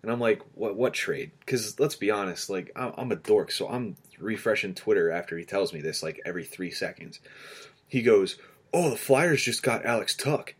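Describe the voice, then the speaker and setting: Low-voiced man telling a lively story. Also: moderate pace, husky. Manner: animated storyteller, acts out quotes. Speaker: podcast co-host. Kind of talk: casual sports chat.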